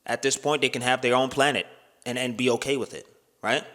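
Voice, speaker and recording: Blunt, profane young man with a bright voice. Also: mid-range voice, fairly even intonation, fairly quick, in a large hall. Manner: blunt, profane, repeats "right?" and "you know what I'm saying". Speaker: vlogger. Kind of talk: casual opinion monologue to camera.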